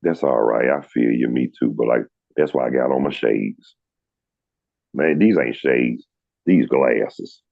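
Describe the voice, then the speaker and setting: A man's voice: a little slow, creaky, no room sound, narrow, tinny audio. A man from Atlanta with a Southern drawl, telling stories in a casual chat with many restarts. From Atlanta, USA. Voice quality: very deep voice. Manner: storytelling with many restarts and quoted dialogue. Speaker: show host.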